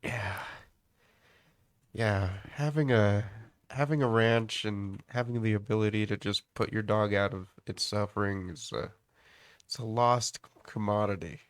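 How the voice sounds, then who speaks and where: A man's voice: fairly low pitch, unhurried, clear, resonant tone, no echo. A man co-hosting a podcast in casual chat, blunt and swearing heavily. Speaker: podcast co-host.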